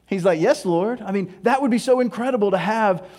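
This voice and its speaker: A man preaching a sermon, animated, acting out scripture voices and dropping to hushed tones. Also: sits high, fast talker. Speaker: pastor.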